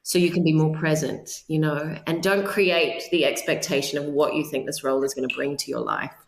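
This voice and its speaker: Low-voiced New Zealand woman, roomy sound. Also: fairly even intonation, a little fast, gravelly, slight background noise. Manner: earnest, advice-giving, frequent restarts. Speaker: actor, interview guest. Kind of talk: casual interview chat. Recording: roomy echo.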